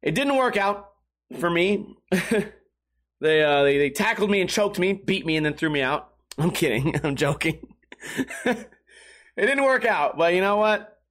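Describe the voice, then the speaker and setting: A man's voice: sits high, lively intonation, a little slow, pauses often, fairly bright tone. A young man livestreaming, chatting casually to viewers, swearing a lot and laughing at his own jokes. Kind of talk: casual rambling chat to stream viewers.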